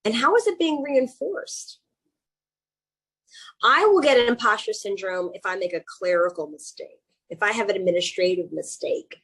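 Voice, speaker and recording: Husky Southern-accented woman coaching. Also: medium pitch, moderate pace, poor audio. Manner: chatty and animated, with self-mocking asides. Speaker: executive coach. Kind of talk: webinar presentation. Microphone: video call.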